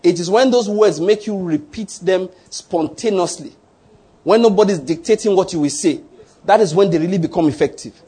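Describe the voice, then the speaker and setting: A man, preaching a slow, emphatic sermon to a congregation as pastor. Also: high voice, warm tone, slightly rough.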